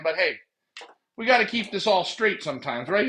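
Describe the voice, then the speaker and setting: A man's voice: high voice, moderate pace, background noise. A man hosting a pigeon racing live stream, joking and rambling to viewers as he walks out to his backyard loft at night. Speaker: pigeon racing show host. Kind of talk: casual live-stream chat.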